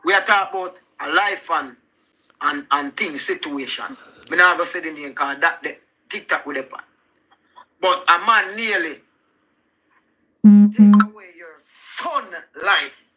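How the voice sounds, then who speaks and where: Young Jamaican-accented man, very bright high voice, arguing hard. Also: low-quality recording. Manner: insistent, repeats himself, talks over the other. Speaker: live-stream arguer. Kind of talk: heated live argument.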